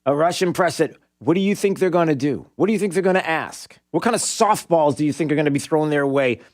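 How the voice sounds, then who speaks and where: A man's voice: a little high, fast talker. A male radio talk show host commenting with sarcasm and rhetorical questions in a conversational way.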